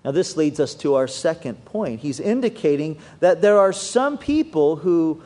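Male preacher, higher-pitched voice, very animated sermon delivery. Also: normal speed. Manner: animated preaching with wide swings in pitch and loudness. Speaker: pastor.

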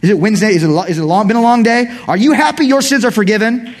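A middle-aged man preaching a sermon in church, swinging from quiet asides to shouted emphasis. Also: high voice, rapid-fire. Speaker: pastor.

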